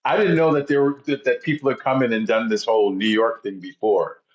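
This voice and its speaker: A man, an actor guest in an interview, speaking haltingly and repeating words as he hunts for what to say. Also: mid-range voice, steady tone, echoey room, muffled recording. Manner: halting, repeats words while searching for them. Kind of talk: casual interview chat.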